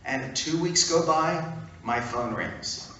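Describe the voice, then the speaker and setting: A man speaking at a fan event, telling an animated, punchy anecdote to a crowd. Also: on the high side, slow, muffled recording, a little hiss or hum. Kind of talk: storytelling talk. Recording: echoey hall from far off.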